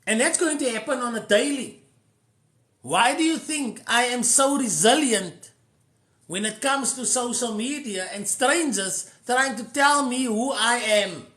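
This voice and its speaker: A man's voice: very high voice, measured pace, bright, forceful tone, reverberant. A man with a South African accent hosting a live stream, giving earnest, casual advice and slipping into Afrikaans phrases.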